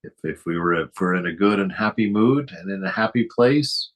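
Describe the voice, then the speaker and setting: A man giving a reflective spiritual talk as a teacher, speaking gently, asking many rhetorical questions and chuckling often. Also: sits low, lively intonation, normal speed.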